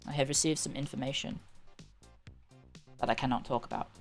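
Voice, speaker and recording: A woman's voice: extremely low pitch, fairly even intonation, a little fast, soft background music. A woman with a British accent, livestreaming and chatting casually in a sarcastic, bantering, rambling way. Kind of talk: casual chat.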